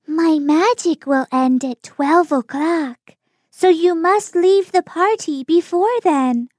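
A woman voicing a kind fairy godmother in a storybook reading, speaking gently and slowly. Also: very high voice, no echo, studio quality, voice pushed up. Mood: reassuring.

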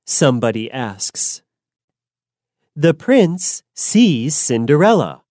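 Low-voiced, slow woman storyteller. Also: very animated, warm tone, no room sound, studio quality. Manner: clear, simple, deliberate phrasing. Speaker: narrator. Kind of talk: slow storybook reading for learners.

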